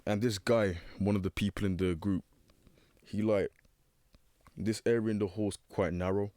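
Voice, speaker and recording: Hesitant low-voiced young man. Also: fairly even intonation, moderate pace, mellow, no echo, studio quality. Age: teens. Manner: hesitant, filler-heavy, searching for words. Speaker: young guest. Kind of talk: casual personal storytelling.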